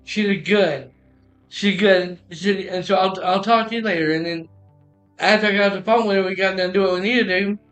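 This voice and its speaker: A man's voice: high voice, brisk, fairly bright tone, faint music behind. A man telling a personal story in a casual, rambling way, often restarting and repeating "I said.".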